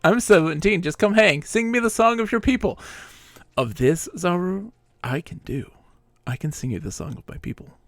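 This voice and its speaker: A man's voice: on the high side, animated, normal speed, creaky, pauses often. A man streaming a game live, chatting and joking in character with playful, mock-dramatic rants.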